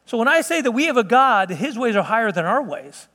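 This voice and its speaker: Man, high voice, preacher telling a story, animated, long hall reverb. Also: quick pace. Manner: animated storytelling with laughs and exclamations. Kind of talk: sermon testimony.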